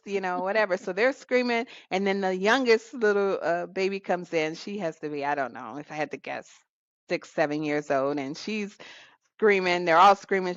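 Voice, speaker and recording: Woman co-host, casual and chatty, given to laughing; lowish voice, muffled dry podcast sound. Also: expressive, moderate pace, dry recording. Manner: chatty, laughs often between thoughts.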